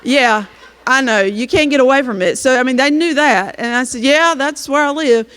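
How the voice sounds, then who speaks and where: Speaking in a smooth, slightly bright voice that sits high, this North Carolina woman presents slides to an audience as a teacher at a moderate pace. Her delivery is chatty storytelling peppered with "um"s, and the hall adds a long, echoing reverb.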